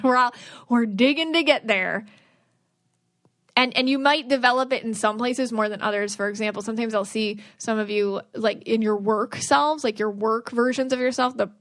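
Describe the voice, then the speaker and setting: A woman's voice: a little high, a bit bright, no room sound, studio quality. A woman hosting a spiritual advice podcast, talking earnestly and conversationally, acting out inner voices. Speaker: podcast host.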